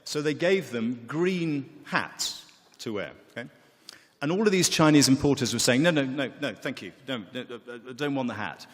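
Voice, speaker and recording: Man, mid pitch, relaxed joking keynote, big hall reverb. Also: normal speed. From England. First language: English. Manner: relaxed, joking storyteller, hesitant fillers. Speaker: wine expert, keynote speaker. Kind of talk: conference keynote with anecdotes. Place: conference hall. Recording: long reverb of a large hall.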